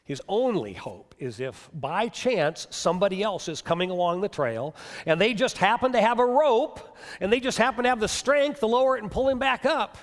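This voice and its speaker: A male pastor preaching a sermon, telling a story with animation and dropping to hushed tones. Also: high-pitched, lively intonation, moderate pace. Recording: long reverb of a hall.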